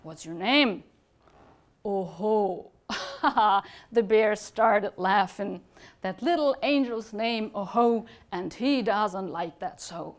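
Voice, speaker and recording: A woman lecturer telling a fairytale at a conference talk, expressive and sometimes dropping to a whisper for effect. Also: on the high side. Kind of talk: storytelling to an audience.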